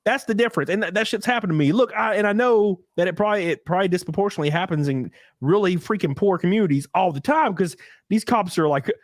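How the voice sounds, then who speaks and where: Man, podcast host, lively swinging pitch, profane animated storyteller, dry close mic. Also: quick pace, dry recording. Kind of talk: casual podcast chat.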